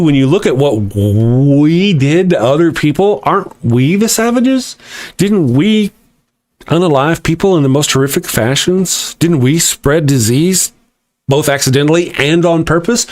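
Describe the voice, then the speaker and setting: A man's voice: on the high side, animated, normal speed, darkish tone, no room sound. A man hosting a casual livestream and reading chat aloud, joking and sarcastic with rambling asides.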